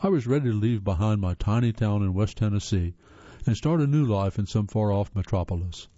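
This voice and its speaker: A man's voice: on the low side, lively intonation, brisk, mellow, dry recording. A man from the northern United States reading articles aloud as a host, earnest, with spoken asides and occasional stumbles. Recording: slightly dull lo-fi sound.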